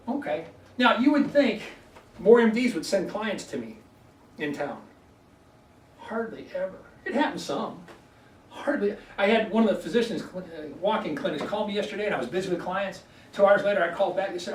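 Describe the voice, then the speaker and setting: A high-pitched man runs a folksy health workshop and keeps asking the crowd "okay?". He is caught from across an echoey room by a distant mic. A faint hiss sits under his voice. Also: expressive, fairly quick. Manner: folksy, repeats "okay?" to check in with listeners. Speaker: chiropractor giving a health workshop. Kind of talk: lecture to a live audience. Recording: echoey room, voice from far off, faint background noise.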